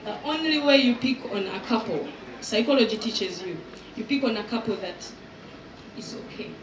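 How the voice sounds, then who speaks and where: A woman in her thirties doing live stand-up crowd work as event host, teasing and exaggerating in an animated way. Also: medium pitch, moderate pace, background noise. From Uganda. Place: outdoor resort event with audience. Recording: echoey venue sound from far off.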